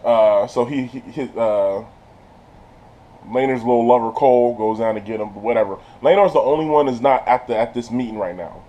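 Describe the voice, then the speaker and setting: A man casually recapping a TV episode in an animated, slangy way, laughing often and restarting his sentences. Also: medium pitch, moderate pace, lo-fi sound. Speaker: channel host reviewing a TV episode.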